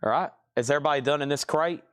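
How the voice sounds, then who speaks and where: A man's voice: a little high, racing, fairly bright tone, clean tone, dry recording, clean studio sound. A man hosting a live vinyl record sale, chatting casually and rambling between sales. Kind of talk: casual live-stream selling.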